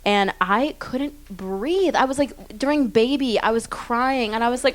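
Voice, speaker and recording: With a high-pitched voice at a normal pace, this woman in her twenties chats bubbily and pokes fun at herself. She's a singer being interviewed live before an audience on a theater stage.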